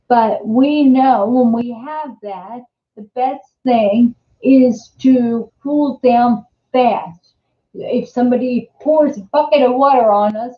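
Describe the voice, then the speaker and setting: An older woman with a New Jersey accent hosting a casual live-stream chat, rambling and chatty with many restarts. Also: fairly high pitch. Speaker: host. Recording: echoey room, dull lo-fi sound.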